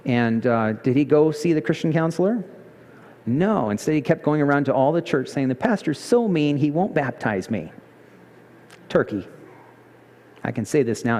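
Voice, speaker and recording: A male pastor preaching a sermon, telling a story with lively emphasis and pitch jumps. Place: church sanctuary. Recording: church hall reverb.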